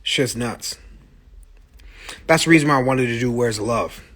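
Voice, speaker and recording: A musician streams live to fans from his phone, giving a casual monologue that's blunt, profane and passionate while answering viewer comments as they arrive. His voice is mid-range, fairly bright and moderately paced.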